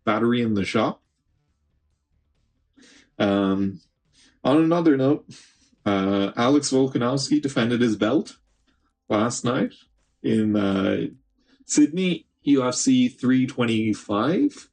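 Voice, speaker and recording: A man's voice: mid-range voice, expressive, takes it slowly, long pauses, a little mellow, faint music behind. A man streaming gameplay, chatting casually and talking back to the game, with an occasional swear. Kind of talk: live gameplay commentary.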